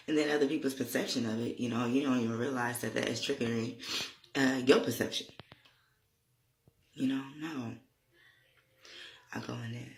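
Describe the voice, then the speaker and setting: A man's voice: mid-range voice, gravelly, echoey room, a little hiss or hum. A man telling a personal story in a rambling, conversational way, often saying "you know" and "like" and laughing as he goes. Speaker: holistic healer vlogger.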